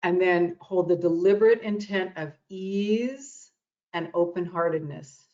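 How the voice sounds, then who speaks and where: A woman's voice: fairly low pitch, measured pace, dark tone. Woman doing a heartfelt self-help talk, repeats herself for emphasis, kinda dull lo-fi sound. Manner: earnest, repeats phrases for emphasis. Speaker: guest speaker on self-love and anxiety. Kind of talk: motivational talk.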